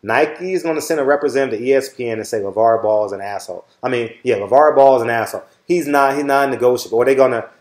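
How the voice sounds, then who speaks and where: A man's voice: mid-range voice, quick pace, hardly any pauses, darkish tone, reverberant. A middle-aged man with a Southern Californian accent, hosting his own channel and lecturing his viewers bluntly, swearing freely and asking "all right?" again and again. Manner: repeats "all right?" often. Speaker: channel host. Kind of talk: casual monologue to viewers.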